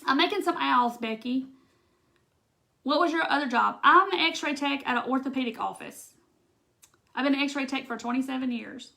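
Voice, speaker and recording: Lady in her 40s chatting thru a live craft video, kinda high voice, rambly, stops and restarts a lot. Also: normal speed, vocal fry, pauses often, pushed and bright. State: tearful at times. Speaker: craft livestream host. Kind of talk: casual livestream chat while crafting.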